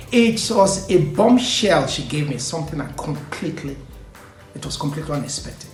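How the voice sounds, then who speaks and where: A man hosting his own vlog, telling a personal story in a casual, animated way, laughing often and trailing off with "you know". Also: on the high side, moderate pace. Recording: echoey room, faint music.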